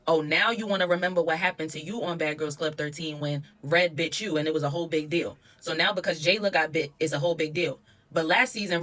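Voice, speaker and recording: Woman, low pitch, casual commentary, opinionated, blunt. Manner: opinionated, blunt, swears freely. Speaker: reality TV reviewer.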